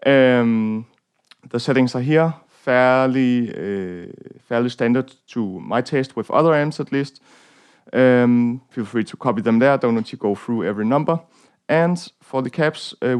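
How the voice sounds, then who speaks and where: A man's voice: medium pitch, a little mellow, smooth. A young Danish man with a Danish accent, hosting a guitar tone tutorial in a casual, rambling way with lots of fillers and self-deprecating jokes. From Denmark. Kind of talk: casual gear walkthrough.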